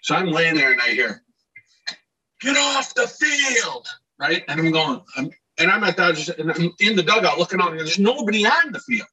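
A middle-aged man from Scranton telling animated anecdotes in a casual podcast chat, acting out shouted quotes. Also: a little high, fast, hardly any pauses, breathy edge, recorded from a distance, poor audio. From Scranton, Pennsylvania. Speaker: podcast guest, actor and DJ. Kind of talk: casual storytelling.

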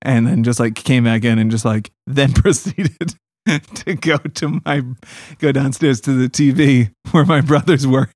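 A man with a mid-range voice spins a childhood story in relaxed chat, laughing along the way. The sound is dry and close. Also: medium pitch, measured pace, no echo. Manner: laughs often while telling stories. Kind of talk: casual storytelling.

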